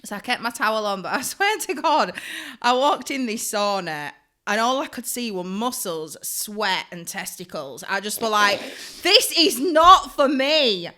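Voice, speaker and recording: Bright-voiced woman storyteller. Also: medium pitch, normal speed. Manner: animated storyteller, acts out quotes. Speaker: podcast co-host, hairdresser. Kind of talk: casual chat.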